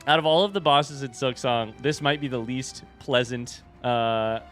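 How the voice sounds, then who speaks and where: A man giving live commentary on a video game, reacting loudly and talking to chat. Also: mid-range voice, a little slow, faint music behind. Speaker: streamer playing a video game.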